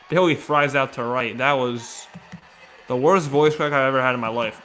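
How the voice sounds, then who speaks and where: A man giving casual live baseball play-by-play, chatting with viewers and reacting excitedly between pitches. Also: normal speed, slight background noise. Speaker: live sports commentator.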